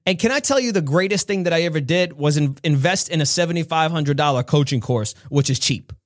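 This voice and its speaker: A man from New York giving an earnest, preachy motivational talk with frequent laughs. His voice sits high, and the recording is dry and close. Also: brisk, dry recording. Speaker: podcast host, motivational speaker.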